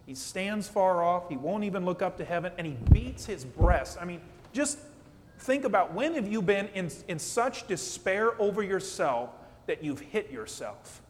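A man preaching a sermon as pastor, animated and conversational, often checking in with "okay?". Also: high-pitched, normal speed, a little hiss or hum. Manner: animated preaching, acts out quotes, asks "okay?". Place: church sanctuary. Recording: long church reverb.

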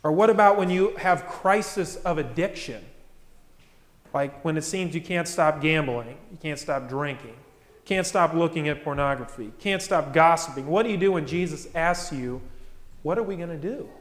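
A man's voice: on the high side, moderate pace. A man preaching a sermon as pastor, speaking in a conversational way and often asking the congregation rhetorical questions. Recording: echoey hall with long reverb.

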